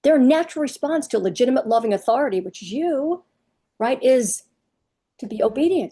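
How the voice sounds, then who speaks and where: A woman's voice: high voice, animated, a little fast, dark tone, breathy edge. A middle-aged woman parenting coach talking casually to camera, chatty and emphatic, firing off rhetorical questions. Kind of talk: casual advice talk to camera.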